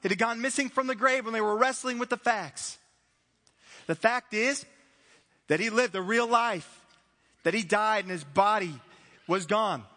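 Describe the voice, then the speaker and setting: Bright-voiced man preaching in a hall. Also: sits high, a little slow, pauses often. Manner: conversational preaching with acted-out dialogue and laughs. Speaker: pastor. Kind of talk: sermon. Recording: reverberant hall.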